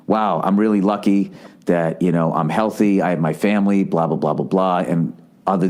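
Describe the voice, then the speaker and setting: A man's voice: sits low, a little mellow. A man in his late forties with a Boston accent, telling a story in a rambling, profane way on his podcast. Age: 40s. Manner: rambling, profane, self-interrupting. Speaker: podcast host. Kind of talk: casual storytelling monologue.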